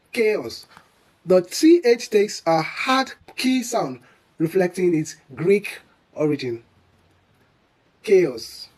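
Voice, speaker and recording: An English pronunciation teacher giving a lesson, who quizzes the listener with questions and repeats each word slowly and deliberately. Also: mid-range voice, darkish tone, poor audio.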